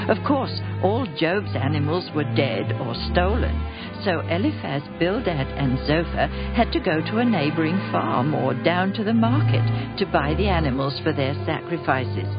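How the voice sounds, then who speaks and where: A gentle storyteller narrates a children's Bible story slowly and speaks straight to the listeners. The recording is dull and lo-fi, with music playing underneath. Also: medium pitch. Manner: gentle, conversational asides to listeners.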